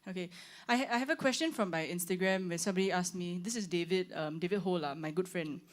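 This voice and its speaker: A woman's voice: fairly low pitch, fast. Chatty young woman. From Singapore. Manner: chatty and rambling, with frequent "like" and "um". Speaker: singer hosting her own launch stream. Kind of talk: casual livestream chat. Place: room with her band.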